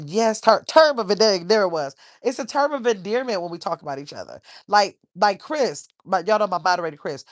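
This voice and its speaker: A woman of medium pitch hosts a relaxed livestream, chatting, rambling, and reading comments from viewers aloud. The recording is dry with clean studio sound.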